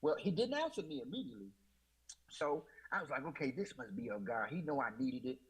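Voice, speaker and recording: A man's voice: medium pitch, very animated, a little fast, a bit bright, husky, rough recording. A man telling his personal faith testimony in an emotional, repetitive storytelling way, often quoting himself with "I said.". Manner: emotional, repeats "I said", Southern US Black church speech. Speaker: guest.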